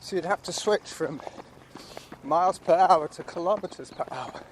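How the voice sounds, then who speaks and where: A man's voice: fairly high pitch, normal speed. A man chatting casually on a run, explaining things as he goes, recorded outdoors beside a road. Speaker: running companion. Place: outdoors by a road being paved. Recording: outdoor recording with loud traffic noise. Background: traffic and street ambience.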